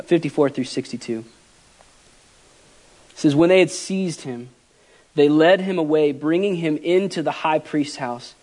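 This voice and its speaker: Male pastor, fairly high voice, earnest and heartfelt, sermon delivery with loud and soft swings. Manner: earnest, emotional, shifts between loud emphasis and quiet softness.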